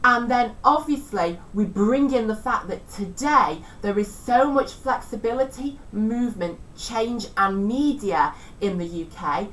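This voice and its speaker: Woman teacher, chatty revision lesson, a little far from the mic, faint rumble behind. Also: a bit bright. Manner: chatty, self-deprecating, tries out regional accents.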